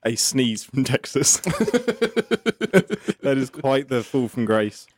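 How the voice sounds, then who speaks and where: A man's voice: medium pitch, steady tone, slow pace, dry recording. A man with an English accent, co-hosting a casual livestream chat and joking with dry, self-deprecating humor. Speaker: co-host.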